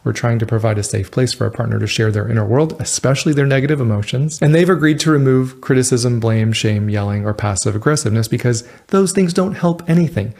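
A man's voice: mid-range voice, quick pace, creaky, hardly any pauses, a little mellow. A man hosting a relationship advice show, giving a scripted, earnest, instructive talk straight to the viewer.

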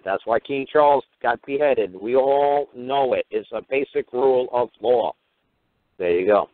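A man hosting a call-in radio show, talking rapidly and mockingly and acting out the people he quotes. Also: medium pitch, no room sound. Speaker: host. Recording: tinny phone-like radio audio.

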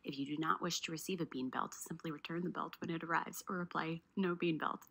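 Storyteller, female, low creaky voice, quick deadpan narration. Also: rough recording. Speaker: storyteller in a prank video.

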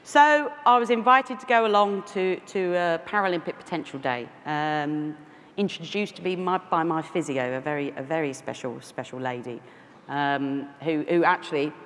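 A London woman in her forties with a London accent gives a conference keynote full of self-deprecating asides and restarts. Her voice sits low and is a bit bright, at a moderate pace. The large conference hall sounds echoey, with faint noise.

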